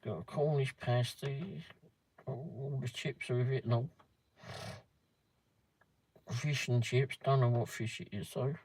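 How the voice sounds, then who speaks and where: A man's voice: mid-range voice, steady tone, unhurried, long pauses, a little mellow, husky, dry recording. A man hosting a casual livestream, reading a pub menu aloud with muttered asides and the odd swear word. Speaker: livestream host.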